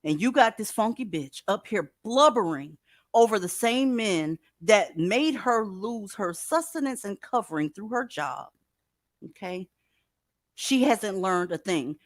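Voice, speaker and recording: A woman's voice: mid-range voice, expressive, measured pace, no echo, studio quality. A middle-aged woman hosting a livestream, talking bluntly and emphatically with plenty of profanity. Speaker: livestream commentary host. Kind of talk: casual commentary livestream.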